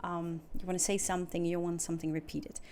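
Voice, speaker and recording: A woman's voice: fairly low pitch, flat delivery, fast, a little mellow. Patient woman teaching English. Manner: clear, patient, explaining step by step. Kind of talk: recorded online lesson.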